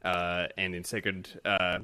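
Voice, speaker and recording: A man co-hosting a podcast in casual, relaxed and somewhat halting chat. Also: deep voice, smooth, dry recording, clean studio sound. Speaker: podcast co-host.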